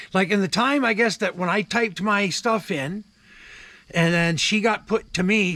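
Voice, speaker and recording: An older man with a Canadian accent rants about his grievances, swearing freely and retelling every exchange with "I said". His voice sits high, and the recording is dry and close, with no room echo. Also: fairly bright tone. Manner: profane, repeats "I said" while retelling calls. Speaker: vlogger. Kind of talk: angry ranting monologue. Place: home in the wilderness.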